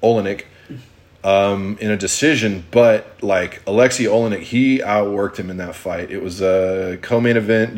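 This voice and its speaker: A man co-hosting a casual podcast, rambling with plenty of ums and restarts. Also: fairly low pitch. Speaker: podcast co-host.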